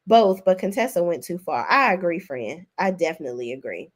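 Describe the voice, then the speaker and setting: A woman hosting a casual reality TV recap, sassy and expressive, laughing often, with big swings in pitch. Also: brisk. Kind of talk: casual commentary with live chat.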